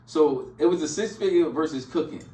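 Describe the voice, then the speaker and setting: A man's voice: a little high, a little fast, slight background noise. Chill podcast guy telling a story, kinda far off the mic, echoey. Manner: relaxed storytelling, hesitant fillers. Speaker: podcast co-host. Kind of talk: casual podcast chat.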